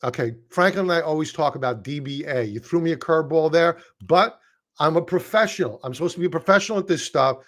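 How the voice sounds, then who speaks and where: Talking fast in a slightly high, fairly bright voice, this market analyst riffs on stocks in a Brooklyn accent. He's chatty and self-deprecating, often restarting his sentences at length.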